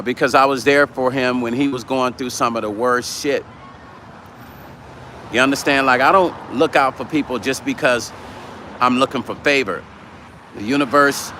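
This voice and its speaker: A man's voice: mid-range voice, pushed and bright, slight background noise. Blunt, profane man on a live stream. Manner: blunt and profane, reads viewer comments aloud. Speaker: vlogger hosting a livestream. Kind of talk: casual livestream chat.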